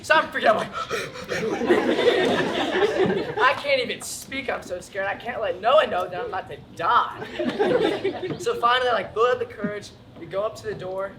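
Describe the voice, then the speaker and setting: A young man with an American accent performs stand-up, his high voice leaping around as he acts out his own panic. The set sounds like a live show, with heavy noise behind him. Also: normal speed. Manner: animated storytelling, acts out panic. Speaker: student stand-up comedian. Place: school auditorium with live audience.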